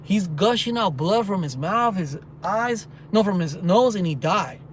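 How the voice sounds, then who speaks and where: A man's voice: high-pitched, animated, unhurried, a little hiss or hum. A man vlogging while walking at night, ranting heatedly and reading viewer comments aloud. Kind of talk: rambling walking vlog. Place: outdoors at night, walking near traffic.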